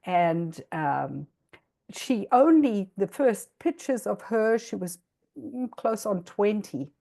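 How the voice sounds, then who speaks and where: A middle-aged South African woman presenting slowly over a video call, her voice warm and mellow. She often pauses with ums and restarts her sentences. The delivery is informal and unhurried. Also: medium pitch, expressive, creaky. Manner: hesitant, lots of ums and restarts. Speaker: guest speaker. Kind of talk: informal presentation to an interpreted audience.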